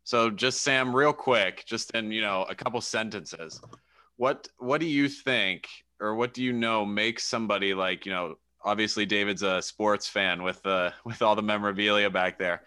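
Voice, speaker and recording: Male host, bright tone, dry close sound, casual. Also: lowish voice, moderate pace, clear, resonant tone, no echo. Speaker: podcast host. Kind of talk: casual interview hosting.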